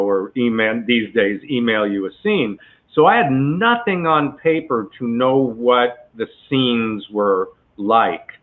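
A man tells a long anecdote in a relaxed interview, chatty and full of asides. His voice sits at a middle pitch. The sound is narrow and tinny, like a phone line. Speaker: actor guest telling a story.

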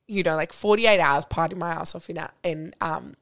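A young woman, a podcast guest telling a story in casual chat, full of "like" and quick laughs. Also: deep voice, gravelly, a bit bright. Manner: chatty storyteller, lots of "like" and laughs.

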